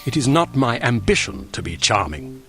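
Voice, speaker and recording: A man's voice: medium pitch, sing-song, moderate pace, bright, forceful tone, soft background music. An actor playing a stuffy male spy bureaucrat, clipped and condescending.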